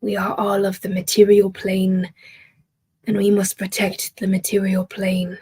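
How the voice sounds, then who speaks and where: A woman voicing a small, solemn old male tribal chief who speaks in slow, hushed pronouncements. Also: mid-range voice, completely flat delivery, husky.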